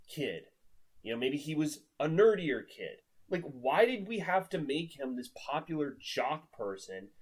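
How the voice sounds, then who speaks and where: A man's voice: a little high, poor audio. A man giving a casual, exasperated book review, sarcastic, swearing often and filling his talk with "like". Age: 30s.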